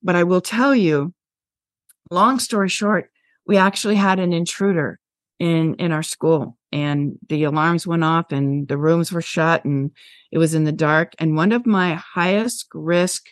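A woman's voice: fairly low pitch, measured pace, no room sound, clean studio sound. A woman in her sixties, a veteran health teacher, speaking passionately as a podcast guest, telling classroom stories with emphasis. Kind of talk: podcast interview.

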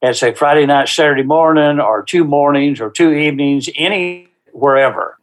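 A man as a guest in an interview, earnestly describing the small-group workshops he leads, with unhurried, faith-driven conviction. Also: a little high. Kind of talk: interview answers.

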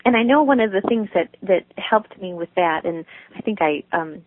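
A woman guest in a conversational interview, with a gentle, nurturing tone, telling stories and laughing easily. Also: medium pitch, animated, normal speed, no echo. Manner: warm storytelling, laughs easily. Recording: phone-like line, dry.

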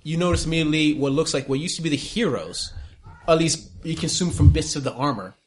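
Man as game master, slightly high voice, faint hiss behind him. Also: fast. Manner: describes scenes with laughs and restarts. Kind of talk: narrating a tabletop game.

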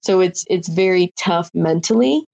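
A woman's voice: lowish voice, animated, normal speed, gravelly, darkish tone, highs cut off. A young woman, a reality show contestant, rambling emotionally through her story in a casual interview.

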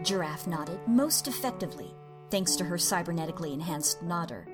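A woman narrating a story in an expressive, playful reading. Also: lowish voice, fairly quick, over music.

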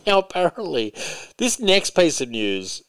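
A man's voice: a little high, sing-song, slow pace, fairly bright tone. A man hosting a casual podcast chat, who laughs a lot and reads out news items with casual swearing. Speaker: podcast host.

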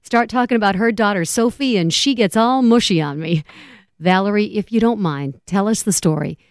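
A woman hosting an interview, asking questions in a measured way. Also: mid-range voice, no room sound, clean studio sound. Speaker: interview host. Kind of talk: conversational interview.

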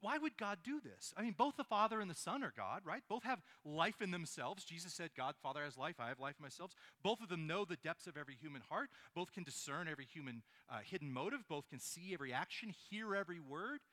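A man's voice: a little high, animated, fast talker, hardly any pauses, bright, forceful tone. A man preaching a sermon, asking his listeners rhetorical questions and reading scripture aloud. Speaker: pastor.

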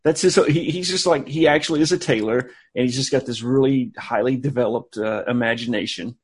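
A man's voice: medium pitch, brisk, breathy edge. A man co-hosting a podcast, chatting casually and playfully, slipping into silly bits. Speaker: podcast co-host. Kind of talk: casual chat.

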